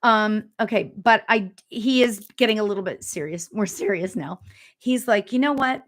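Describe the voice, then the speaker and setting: A middle-aged woman doing a live medium reading in a loose, chatty way. She giggles and fills her talk with "um" and "like", and now and then drops into a hushed aside. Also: medium pitch, normal speed. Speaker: spiritual medium. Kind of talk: live reading, casual chat.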